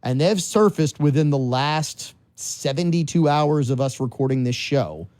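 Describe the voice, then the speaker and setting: This is a man in his forties from New Orleans hosting talk radio from a studio. His voice sits a little high but sounds soft and mellow. He speaks close to a dry mic, chatty and musing, often posing questions aloud. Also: animated, unhurried, dry recording. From New Orleans, Louisiana. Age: 40s. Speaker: radio talk show host. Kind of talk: casual political talk radio. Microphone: studio microphone.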